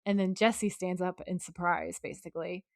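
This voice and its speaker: A woman's voice: fairly low pitch, steady tone, moderate pace, vocal fry, no room sound, studio quality. A woman co-hosting a podcast, recapping a TV episode in casual chat and quoting the characters' lines. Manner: recounts scenes at length, acting out the lines she quotes. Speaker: podcast co-host.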